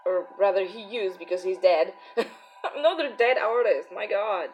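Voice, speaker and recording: A young woman with a Polish accent talks slowly and easily to her viewers as she works on a drawing. She chuckles often and mutters to herself in between. She sounds hungover. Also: mid-range voice, a little mellow, a little hiss or hum. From Poland. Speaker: artist streaming while drawing. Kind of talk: casual live-stream chat.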